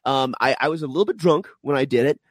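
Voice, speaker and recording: A man's voice: medium pitch, expressive, fast, no room sound. Joking male podcast host, dry mic. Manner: joking, wry. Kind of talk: casual sports betting chat.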